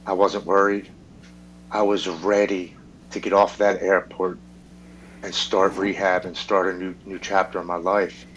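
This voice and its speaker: A man with a fairly low voice tells his personal story frankly on a podcast. He swears freely and acts out what the other people in his story said. A faint hum sits under the recording. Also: flat delivery, unhurried, a bit bright, lo-fi sound. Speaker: podcast guest.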